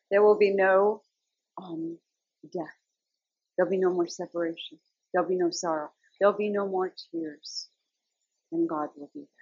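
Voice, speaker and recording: A woman's voice: lowish voice, vocal fry, darkish tone, husky, dry recording, highs cut off. An older woman, a grandmother, telling faith stories and teaching from the Bible in a rambling, chatty way full of fillers. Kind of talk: personal faith testimony.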